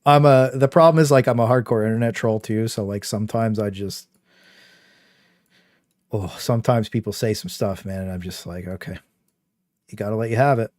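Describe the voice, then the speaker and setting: A man's voice: on the low side, moderate pace, a little mellow, dry recording, studio quality. A young man casually chatting on his game livestream, rambling with lots of fillers and a trolling swagger. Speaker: game streamer.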